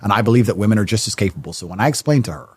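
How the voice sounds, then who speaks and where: A man's voice: lowish voice, animated, very fast, a little mellow, husky. A man speaking as a guest in a podcast conversation, blunt and emphatic in his statements.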